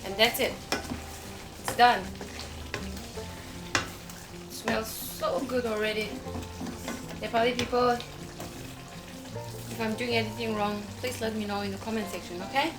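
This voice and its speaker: A woman's voice: on the high side, level tone, normal speed, pauses often, loud music behind the voice. A woman from Northeast India, a food vlogger chatting casually while she cooks and eats, who often ends lines with "okay?". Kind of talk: casual cooking and mukbang chat.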